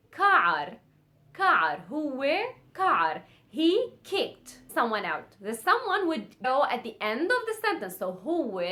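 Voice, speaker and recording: Woman, high voice, very animated pitch, casual lesson, repeats and drills words. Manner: repeats words slowly, drills conjugations rapidly. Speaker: Arabic teacher. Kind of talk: casual online language lesson.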